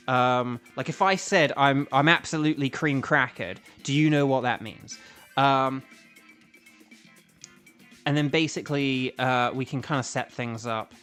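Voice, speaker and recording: A man's voice: fairly high pitch, a bit bright. A young British man chatting casually to his stream while playing a video game, rambling with lots of fillers and restarts. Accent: British English. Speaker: streamer and voice actor. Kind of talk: casual gaming livestream chat.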